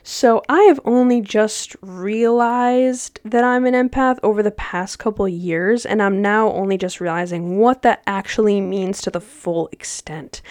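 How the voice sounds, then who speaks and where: A woman's voice: medium pitch, a little mellow, no echo, studio quality. A young adult woman hosting a casual solo podcast, chatty and slangy with laughs. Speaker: podcast host.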